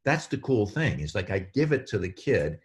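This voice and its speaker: Low-voiced man, animated podcast guest. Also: moderate pace. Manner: animated, explanatory, acts out quotes. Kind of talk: casual podcast chat.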